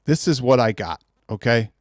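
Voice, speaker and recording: Animated man ranting on a live stream. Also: medium pitch, moderate pace, no echo, studio quality. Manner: exasperated, repetitive, reads chat names aloud. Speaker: podcast host.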